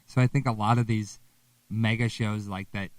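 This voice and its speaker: A young man from Wisconsin chats as a guest musician, loose and easygoing, with swear words and lively stories. He sits back from the mic in a dry, dead room. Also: lowish voice, moderate pace, dry recording, recorded from a distance. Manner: laid-back, swears freely, animated storytelling. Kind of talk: casual interview chat.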